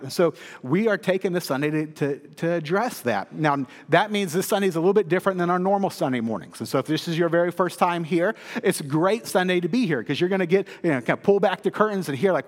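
A male pastor giving a sermon in a church, telling stories with lively humor. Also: high voice, fast, few pauses. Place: church sanctuary. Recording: long hall reverb.

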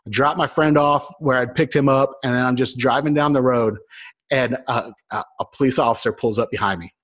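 A pastor in his thirties delivers a sermon built around a humorous personal story, acting out the voices of the people in it and poking fun at himself. His voice is medium-pitched, fairly quick, and fairly bright.

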